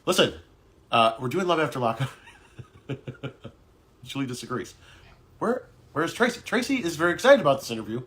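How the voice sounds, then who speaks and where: Lively rambling male talk show host. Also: on the high side, normal speed, pauses often. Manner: rambling, joking, restarts often. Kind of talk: casual live-stream interview.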